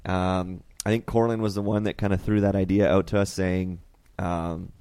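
A man hosting a casual faith podcast, animated and rambling, laughing often. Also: sits low, moderate pace, clear, resonant tone, dry recording. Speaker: podcast host.

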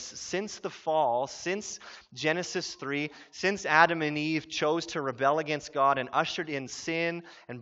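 A man in his thirties preaching a sermon as pastor, telling stories with quick voiced asides. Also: a little high, sharp tone. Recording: muffled sound in a reverberant hall.

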